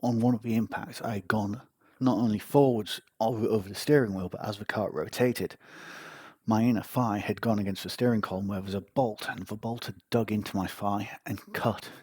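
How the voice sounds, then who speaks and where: A man's voice: lowish voice, steady tone, brisk, a little mellow, husky, dry recording. A man hosting a podcast, telling a personal story in a casual, wry, self-mocking way. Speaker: podcast host.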